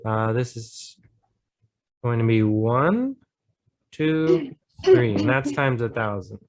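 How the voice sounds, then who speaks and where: A man's voice: mid-range voice, huge pitch swings, slow. A man with an American accent tutoring a student in math, patiently thinking aloud step by step and encouraging her. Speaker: math teacher. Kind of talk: online tutoring lesson.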